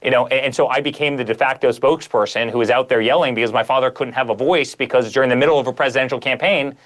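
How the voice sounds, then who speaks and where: Fast-talking emphatic man. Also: mid-range voice, a bit bright. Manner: emphatic, piling up repeated phrases. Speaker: guest author. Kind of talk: conversational interview.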